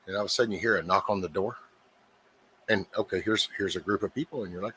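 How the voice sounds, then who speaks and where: A middle-aged man hosting a livestream, rambling casually to his viewers with frequent swearing and halting restarts. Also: deep voice, a bit bright, breathy edge. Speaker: livestream host.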